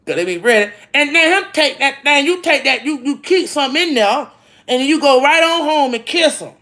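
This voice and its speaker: A woman's voice: high voice, expressive, brisk, fairly bright tone. A woman telling stories in a casual vlog from home, laughing often and talking bluntly with many restarts. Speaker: vlogger. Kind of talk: casual storytelling chat. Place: home, indoors.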